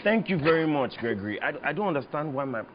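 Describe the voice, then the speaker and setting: A man's voice: on the high side, big pitch swings, fast, dull audio, a little hiss or hum. An actor with a Nigerian accent playing a puzzled young man who wants to be a singer. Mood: troubled. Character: young male aspiring singer. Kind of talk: film drama acting.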